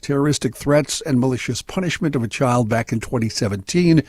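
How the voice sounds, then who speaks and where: A man reading news items on a talk radio show in a steady, measured way. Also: medium pitch.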